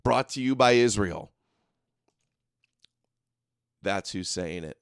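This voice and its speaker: Male host, live commentary; mocking and combative, smooth resonant voice, dry close mic. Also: lowish voice, expressive, moderate pace, no echo.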